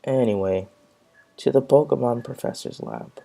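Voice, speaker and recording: A man's voice: mid-range voice, normal speed, gravelly, warm tone. A man commentating on his gameplay and reading game dialogue aloud in a loose, offhand way.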